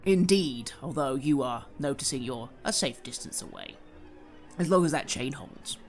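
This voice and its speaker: A man's voice: medium pitch, animated, normal speed, soft background music. A man narrating a tabletop horror game as game master, with detailed scene descriptions. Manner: detailed, vivid scene-setting.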